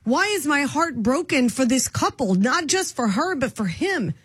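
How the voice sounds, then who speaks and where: A woman's voice: high-pitched, very animated, moderate pace, a bit bright, dry recording. A woman hosting a radio talk show, emotional and insistent as she comments. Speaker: radio host.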